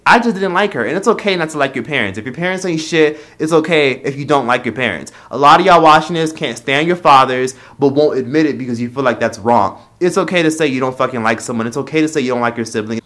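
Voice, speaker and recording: A man's voice: medium pitch, fairly bright tone. A man telling a personal story on his vlog in a blunt, profane, venting manner. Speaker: vlogger. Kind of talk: casual personal rant.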